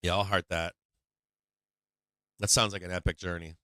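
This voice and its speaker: A man's voice: deep voice, level tone, normal speed, sharp tone, no room sound. An older man hosting a stock market livestream, talking casually with lots of swearing and laughter. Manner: profane, laughing, rambling.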